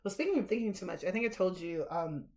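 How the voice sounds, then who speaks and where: A woman hosting a casual podcast, talking in an expressive, emphatic way and swearing freely. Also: fairly low pitch, quick pace. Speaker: podcast host. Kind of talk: casual chat.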